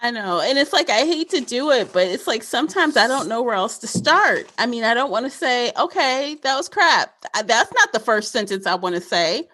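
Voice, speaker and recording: Lively, laughing woman co-host. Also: on the high side, fairly quick, hardly any pauses. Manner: laughs often, candid and blunt. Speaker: podcast co-host. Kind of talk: casual book chat.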